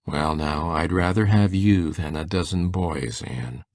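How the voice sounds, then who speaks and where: An actor playing a shy, gentle older farmer who talks in a slow, halting, homespun way. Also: male voice, low voice, no echo. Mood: tender. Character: shy gentle elderly farmer, quiet and fond. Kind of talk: full-cast audiobook drama.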